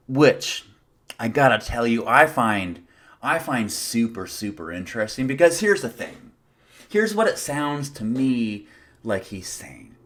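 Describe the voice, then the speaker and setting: A man's voice: mid-range voice, a bit bright. A man preaching a sermon as pastor, earnest, asking the congregation rhetorical questions and repeating phrases for emphasis.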